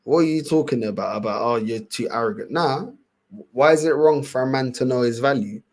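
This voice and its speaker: A man's voice: mid-range voice, fairly quick, darkish tone. A young man with a London accent hosting a casual livestream, reacting with laughter and repeated slang-heavy banter. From England. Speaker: livestream host.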